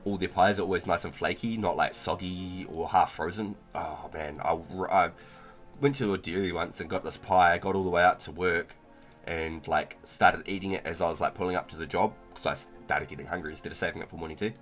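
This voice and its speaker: Young NZ-male streamer, low voice, slangy rambling chat, faint music under it. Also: fairly even intonation, a little fast, fairly bright tone. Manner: laid-back, slangy, rambling with frequent "bro" and "like". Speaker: livestreamer. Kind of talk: casual gaming stream chat.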